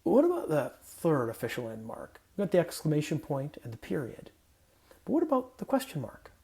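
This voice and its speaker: Mellow-voiced man giving a playful sermon. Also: fairly high pitch, huge pitch swings, fairly quick, vocal fry. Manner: conversational and playful, with self-corrections. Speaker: pastor. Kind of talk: casual sermon with scripture reading. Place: home guest room.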